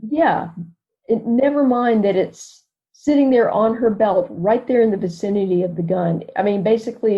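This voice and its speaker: A woman's voice: mid-range voice, highs cut off. Woman telling a story in casual talk. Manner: animated storytelling, acts out quoted voices. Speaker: podcast host. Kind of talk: casual conversation.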